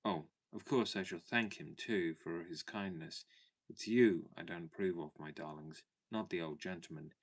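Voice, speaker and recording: A man voicing a gentle but firm mother speaking to her children in a storybook reading. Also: low-pitched, normal speed. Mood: firm, tender. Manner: earnest, tender and firm.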